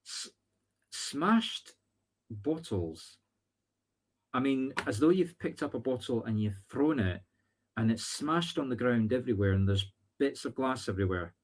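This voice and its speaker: A Scottish man works as a spiritual medium, giving live-streamed psychic readings in a chatty style, thinking aloud and adding teasing asides. His mid-range voice has lively intonation and an unhurried pace.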